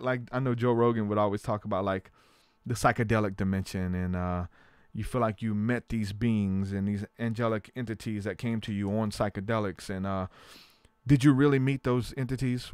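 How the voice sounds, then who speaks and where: A man's voice: fairly low pitch, clean tone, no echo, clean studio sound. A man hosting a podcast, telling stories in a casual, rambling way with lots of fillers. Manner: rambling storytelling with many fillers. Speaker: podcast host. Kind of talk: casual chat.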